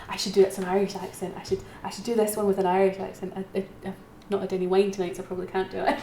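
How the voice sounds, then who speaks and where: A woman's voice: medium pitch, flat delivery, racing, hardly any pauses, dark tone, slight background noise. A chatty woman runs a live auction from her computer, calling again and again for bids. Her voice sits in a roomy, echoey space. Faint keyboard typing runs underneath. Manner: chatty, self-mocking, repeats calls for bids. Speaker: auction host. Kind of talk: live-streamed auction commentary.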